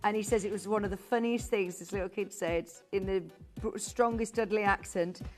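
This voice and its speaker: A woman presenting on a live shopping channel, chatty and bubbly, quickly rattling off prices and buyer names in a studio. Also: mid-range voice, fairly even intonation, a little mellow, faint music behind. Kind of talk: live TV sales patter.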